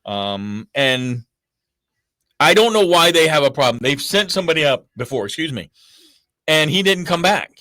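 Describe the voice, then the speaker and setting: A man's voice: fairly high pitch, big pitch swings, moderate pace, pushed and bright, no room sound. A middle-aged man on a casual morning show, telling a long story and acting out both sides of phone calls.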